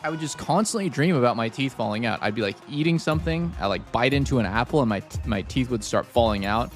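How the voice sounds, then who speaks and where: A fast-talking game streamer with a medium-pitched, expressive voice holds a casual chat for his viewers. The talk is rambling and full of swearing and "like," set against soft background music.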